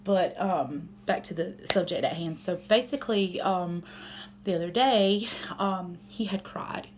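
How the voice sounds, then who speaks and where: A young mother talks casually to her camera at home in a fairly low voice, a little slow. She's candid and rambling with many fillers, and there's a little hiss or hum.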